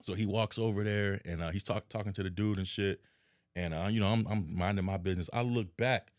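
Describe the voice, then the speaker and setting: A man chatting as a guest on a podcast. He is an animated storyteller who laughs often and keeps saying "you know what I'm saying.". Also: fairly low pitch, fairly quick, no room sound, studio quality. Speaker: podcast guest, actor and content creator. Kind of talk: casual podcast chat.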